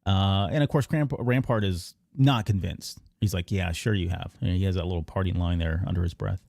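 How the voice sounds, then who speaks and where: A man hosting a podcast, casually recapping an animated episode in a rambling way. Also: deep voice, fairly quick, gravelly, no room sound, clean studio sound. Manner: rambling recap with many fillers and restarts. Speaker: podcast host. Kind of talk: casual episode breakdown chat.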